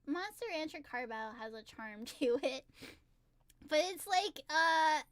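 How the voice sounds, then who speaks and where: A young woman chatting on a livestream, excitable and giggly, gushing about songwriting. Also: high-pitched, a little slow, no room sound. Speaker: singer-songwriter streamer. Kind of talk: casual livestream chat.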